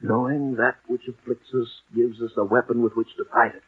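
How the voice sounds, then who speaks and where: An actor playing a soothing, secretive uncle with a husky voice in 1940s radio acting. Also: male voice, medium pitch, little pitch movement, lightly acted. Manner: soothing, measured, paternal. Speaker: Uncle Peter in a radio drama. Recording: lo-fi old radio broadcast.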